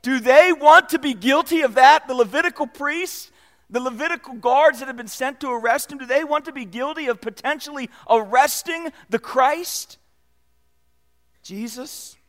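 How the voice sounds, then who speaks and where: A man preaching a sermon, with expressive delivery that swells and drops in volume for emphasis. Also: sits high. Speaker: pastor.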